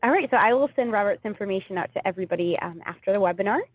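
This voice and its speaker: A woman hosting a webinar speaks politely at a mid pitch. Her audio is somewhat dull and muffled. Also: expressive, racing. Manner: polite, wrapping up. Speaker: webinar moderator.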